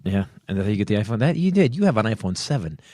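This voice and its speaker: A man's voice: lowish voice, very animated, rapid-fire, mellow, dry recording, studio quality. A man hosting a comedy podcast, ranting in a profane, fired-up way between casual banter. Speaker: podcast host. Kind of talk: comedic political rant and casual chat.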